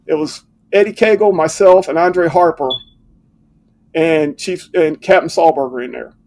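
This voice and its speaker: A man's voice: fairly high pitch, moderate pace. An older man, a retired fire captain, telling stories in a casual interview and acting out the lines of old colleagues. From United States. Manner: animated storyteller who acts out quoted dialogue.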